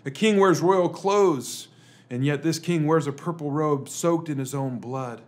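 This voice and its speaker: A man's voice: a little high, a little slow. Man preaching with dramatic rhetorical questions. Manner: rhetorical questions, swings between emphatic and hushed. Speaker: pastor. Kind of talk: dramatic Good Friday sermon.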